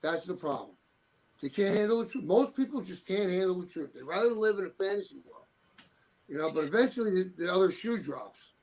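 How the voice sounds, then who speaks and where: A man's voice: high-pitched, expressive, fairly quick, darkish tone, poor audio. A middle-aged man telling blunt, tough-talking stories as an interview guest. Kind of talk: casual interview talk.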